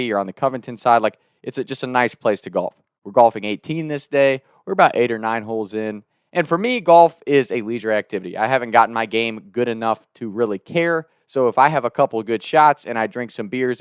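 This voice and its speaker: A man's voice: medium pitch, smooth, dry recording, studio quality. Laughing young man telling a story. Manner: animated, laughing, swears freely. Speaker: storyteller host. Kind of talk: casual comedic storytelling.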